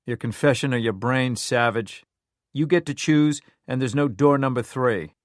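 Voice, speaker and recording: A man's voice: mid-range voice, moderate pace, dry recording, close to an everyday voice. A furious male detective bent on revenge, threatening in a raised, hard-edged voice, as a narrator plays him. The sound is dry and close, with no room around it. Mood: menacing. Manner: threatening, yelling.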